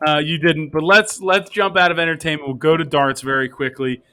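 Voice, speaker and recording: A man's voice: a little high, steady tone, a little fast, bright, forceful tone. A man hosting a casual sports betting podcast, moving the talk along and reading out betting odds. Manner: leads the segments, reads out betting lines. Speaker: podcast host.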